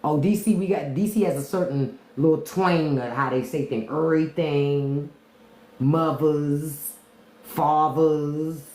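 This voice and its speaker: A low-voiced woman with a D.C. chats candidly on a livestream, her pitch swinging up and down as she talks. She laughs often and drops into imitations of how people speak in other cities. The room is echoey around her. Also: expressive, normal speed, few pauses, a little mellow. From Washington, D.C. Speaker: podcast host on a livestream. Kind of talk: casual livestream chat answering viewers.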